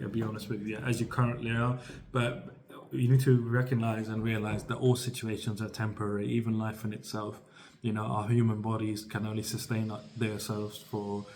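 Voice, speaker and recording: Flat-voiced man giving a rambling tarot reading. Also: on the low side, low-quality recording. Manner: rambling, filler-heavy, repeats himself. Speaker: tarot reader.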